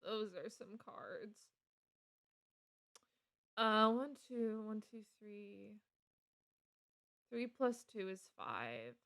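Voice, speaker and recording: Slow-talking woman streamer, giggly. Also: mid-range voice, animated, creaky, fairly bright tone, dry recording, clean studio sound. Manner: rambling, giggles often. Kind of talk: casual live gameplay commentary.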